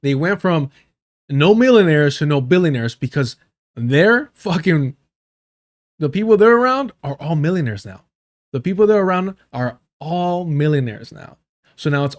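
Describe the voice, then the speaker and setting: A man's voice: a little high, animated, normal speed, pauses often. A man reacting to clips on a livestream, swearing a lot and mocking the people he covers. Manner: profane, mocking, mimics people in exaggerated voices. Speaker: livestream commentator.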